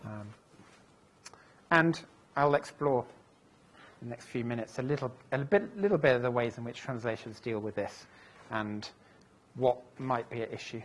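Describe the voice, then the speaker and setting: A man's voice: mid-range voice, moderate pace, pauses often. A man giving a recorded lecture, thinking aloud as he goes, with frequent fillers and self-corrections. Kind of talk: recorded lecture walking through translations.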